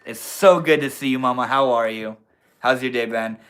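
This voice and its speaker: Young man, bright voice, casual slangy live stream chat, sitting at his computer, relaxed. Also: medium pitch, moderate pace. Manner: laid-back, slangy, reads chat aloud. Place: indoors at a computer.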